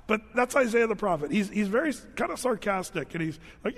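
A man with a high voice preaches in a relaxed, chatty way, with filler words and jokes. His voice rings out with the long reverb of a large hall. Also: moderate pace, breathy edge. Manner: casual, conversational, humorous storytelling; frequent fillers and restarts. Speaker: pastor. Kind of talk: sermon.

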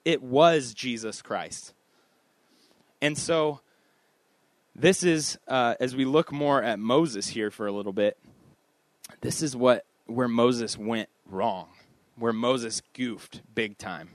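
A man's voice: mid-range voice, takes it slowly, pauses often, no room sound. A man preaching a casual expository sermon, talking in a conversational, self-deprecating way with offhand asides.

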